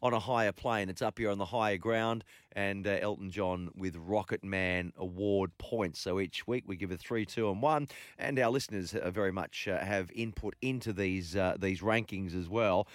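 A man's voice: sits low, fairly even intonation, normal speed, few pauses, dry recording, studio quality. A man with an Australian accent hosting late-night sports radio, casual and rambling, with lots of ums and uhs. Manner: laid-back, rambling, full of ums and uhs. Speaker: radio host. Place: radio studio.

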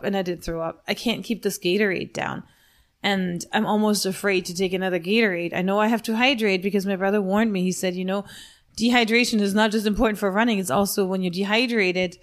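A woman's voice: mid-range voice, steady tone, a little fast. A woman in her forties co-hosting a podcast, telling a race story in casual chat and laughing at herself. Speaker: podcast co-host.

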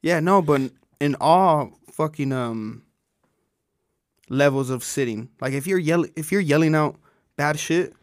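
Young man laughing along, slightly high. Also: unhurried, dry recording, studio quality. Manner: laughs often, prompts with questions. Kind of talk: casual chat.

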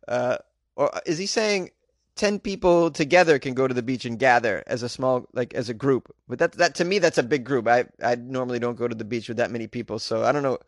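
A man's voice: mid-range voice, brisk, no room sound, studio quality. A man doing a casual comedic monologue, sarcastic and mocking as he reads and riffs on news items. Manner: sarcastic, mocking, chuckling asides. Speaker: comedic commentator.

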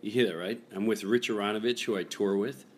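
A man's voice: lowish voice, fairly even intonation, fast. A middle-aged man hosting a casual chat in a hotel room, telling stories in a rambling, jokey way with lots of restarts. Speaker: podcast host. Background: construction noise.

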